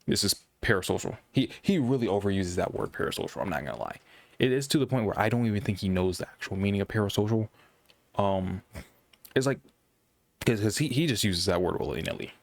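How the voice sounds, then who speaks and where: A young man talking casually about gaming, in a monotone voice that he says makes him sound sarcastic, rambling with frequent restarts. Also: fairly low pitch, gravelly, no room sound. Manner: rambling, halting with many restarts. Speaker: gaming commentator. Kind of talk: casual monologue.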